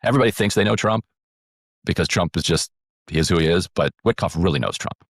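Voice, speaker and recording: A man's voice: sits low, quick pace, no echo, clean studio sound. A man co-hosting a political podcast, retelling news events in a casual way with lots of ums and quoted dialogue. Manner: retelling events with acted quotes, many fillers. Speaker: podcast co-host.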